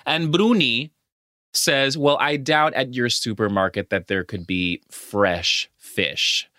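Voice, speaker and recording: Male podcast co-host, animated and profane, bright tone, recorded dry. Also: mid-range voice, slow, no room sound. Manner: animated, swears often, acts out scenes from the film. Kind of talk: casual film discussion podcast.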